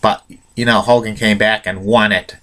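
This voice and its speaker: A man casually retelling an old rivalry for a video, halting often and restarting his words. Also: fairly low pitch, steady tone, a bit bright. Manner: halting, with many restarts and fillers. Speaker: wrestling history video host.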